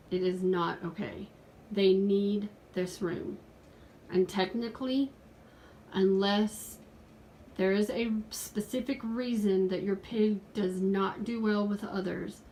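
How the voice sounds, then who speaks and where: A woman's voice: medium pitch, mellow, slight background noise, low-quality recording. A woman in her forties talking earnestly in a casual home video from her pet room, pleading with viewers at points. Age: 40s. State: out of breath. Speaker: pet vlogger.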